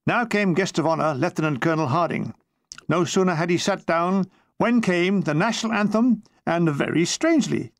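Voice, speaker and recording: Gravelly high-voiced man reading his memoir. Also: normal speed, no room sound. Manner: dry comic storytelling, slipping into brief character voices. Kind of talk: audiobook narration.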